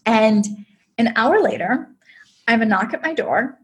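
A woman's voice: fairly high pitch, animated, measured pace. A woman, a podcast guest, telling a personal story in a chatty, emotional way, with lots of "like". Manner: chatty, heavy use of "like", emotional.

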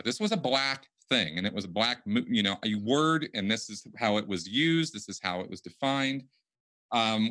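A man's voice: fairly low pitch, animated, normal speed, bright, forceful tone. A man hosting a casual podcast conversation, speaking emphatically and often restarting his sentences. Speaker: podcast host.

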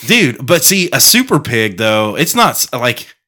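A man talks loosely on a podcast, cursing freely and wandering through a story. His voice is bright and his pitch rises and falls a lot. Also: very animated, measured pace. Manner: profane, rambling storyteller. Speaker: podcast co-host. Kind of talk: casual chat.

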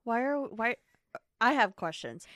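A woman's voice: fairly high pitch, expressive, unhurried, a bit bright. A young adult woman co-hosting a podcast, chatting casually, laughing often and retelling stories with little acted quotes. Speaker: podcast co-host. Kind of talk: casual chat.

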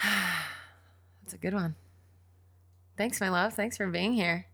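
A woman hosts a relaxed podcast conversation with a low voice. She laughs often and is openly affectionate with her guest. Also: takes it slowly, vocal fry. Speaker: podcast host.

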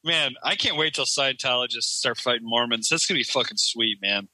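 A man's voice: medium pitch, brisk, sharp tone, no echo. A man in casual banter, crude and teasing, laughing often and sprinkling in fillers.

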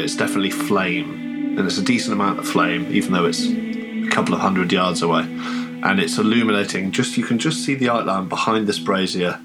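Low-voiced man running a tabletop game. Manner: halting, with many restarts and slow descriptive passages. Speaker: game master. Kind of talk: narrating a tabletop horror game.

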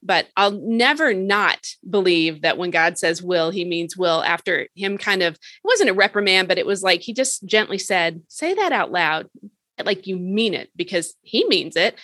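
Female podcast guest, bright voice, earnest and eager, dry sound. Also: lowish voice, moderate pace, few pauses, no room sound. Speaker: podcast guest, author and speaker. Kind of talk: casual faith podcast interview.

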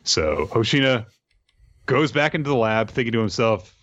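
A man co-hosting a podcast, recapping a show casually and in an animated way. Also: mid-range voice, normal speed, dry recording, dull audio. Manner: animated storyteller, laughs easily. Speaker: podcast co-host. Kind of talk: casual recap of an anime episode.

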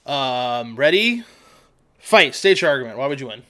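A man's voice: medium pitch, big pitch swings, moderate pace, a bit bright. A man hosting a casual podcast, playfully running a party game and laughing often.

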